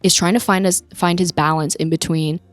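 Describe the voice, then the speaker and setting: A woman's voice: lowish voice, fairly quick, no room sound, faint music behind. Chatty young woman retelling a film. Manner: animated retelling with acted-out quotes. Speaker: podcast co-host. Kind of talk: casual movie-review chat.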